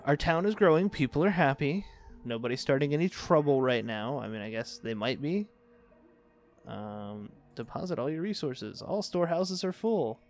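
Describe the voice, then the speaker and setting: A man's voice: mid-range voice, lively intonation, normal speed. A young man giving casual, wry running commentary on a city-building game he is playing, with dry sarcastic asides. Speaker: let's play host.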